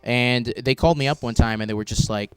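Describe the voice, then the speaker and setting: A man's voice: medium pitch, fairly even intonation, brisk, clear, resonant tone, dry recording. A young man doing stand-up comedy in a small room with only crew watching, awkward and rambling, with many fillers and self-deprecating asides. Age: young adult.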